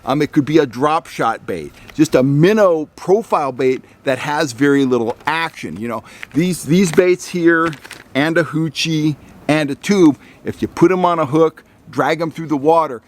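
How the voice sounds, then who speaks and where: A man's voice: a little high, moderate pace, a little hiss or hum. A middle-aged man hosting a fishing channel, giving a folksy, loosely paced lesson and often repeating words as he thinks. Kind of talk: instructional talk to camera.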